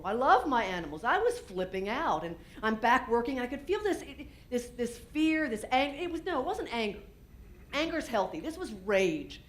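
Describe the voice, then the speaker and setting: A woman speaker tells a personal story to a conference audience, candid and animated. Her voice sits a touch high, and she keeps acting out her own lines with frequent restarts. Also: normal speed. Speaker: keynote speaker and business owner.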